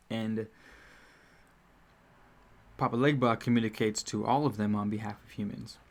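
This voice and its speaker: Man chatting casually on stream. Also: on the low side. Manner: rambling, profane, self-correcting. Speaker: streamer host. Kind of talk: casual livestream chat.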